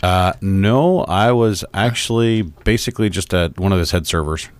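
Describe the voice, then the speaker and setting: A man appearing as a guest on a radio talk show, explaining his views in an earnest, measured way. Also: sits low, smooth, dry recording. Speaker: political activist guest. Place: radio studio.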